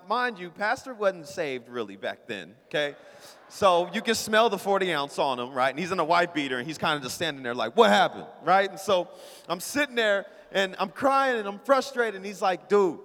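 A man's voice: sits high, a bit bright. A man preaching as a pastor, telling a story in a casual, playful way and talking straight to the congregation. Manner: casual, playful, talks to the crowd. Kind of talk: storytelling sermon. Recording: long hall reverb.

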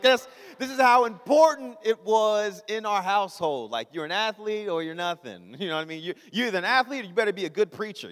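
In a church sanctuary with the long reverb of a hall, a young man preaches a casual, joking sermon built on humorous stories. His voice sits high and sounds a bit bright. He keeps it conversational and acts out his father's lines.

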